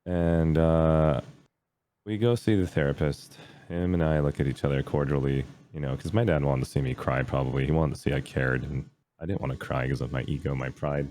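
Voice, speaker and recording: A man's voice: rumbling low, fairly even intonation, a little fast, dark tone. A man, a streamer guest on a podcast, telling a personal story in a candid, earnest casual way, trailing off with fillers.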